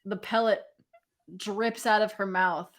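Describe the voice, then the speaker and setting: A young woman narrating as game master of a tabletop game, lively and casual, laughing often and swearing freely. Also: medium pitch, measured pace.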